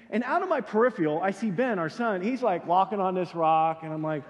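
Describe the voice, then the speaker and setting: A middle-aged man preaching and telling a story, animated and self-deprecating as he acts out his own panic. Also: high-pitched, brisk. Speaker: pastor. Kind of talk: sermon storytelling. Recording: hall with long reverb.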